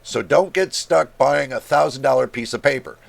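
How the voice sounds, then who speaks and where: Exasperated gravelly man ranting casually. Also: medium pitch, normal speed. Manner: exasperated, incredulous, blunt with swearing. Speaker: tech YouTuber. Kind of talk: casual screen-share rant.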